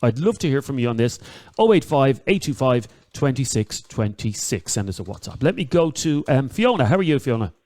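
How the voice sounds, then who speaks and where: A man's voice: mid-range voice, very animated, brisk, a little mellow. Irish man hosting a radio talk show. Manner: chatty, repeats phone numbers, frequent ums and uhs.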